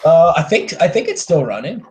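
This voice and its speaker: A young man chats on a casual movie podcast. He rants with plenty of swearing, his slightly high voice jumping from loud bursts to low mutters. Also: big pitch swings, brisk. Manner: profane, ranting, swings between loud and mumbled. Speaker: podcast co-host.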